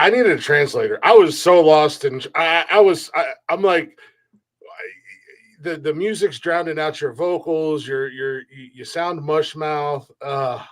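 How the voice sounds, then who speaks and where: An American man on a music review panel, rambling with many restarts and jokes. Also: on the high side. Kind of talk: casual chat.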